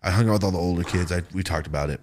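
A young man hosting a podcast, telling party stories in casual, profane, animated style. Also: low voice, rapid-fire, slight background noise. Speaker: podcast host. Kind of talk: casual storytelling.

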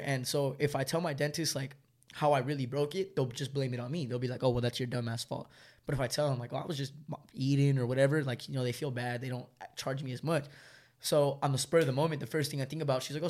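Fast-talking young man telling a story. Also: medium pitch, fairly even intonation, darkish tone. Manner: rambling slangy storytelling, laughs often. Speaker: storyteller guest. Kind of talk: casual chat.

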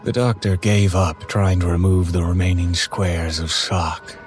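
Man, horror story narration, very deep voice, slow unhurried pace, somber. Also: level tone, faint music behind. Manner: measured, somber telling.

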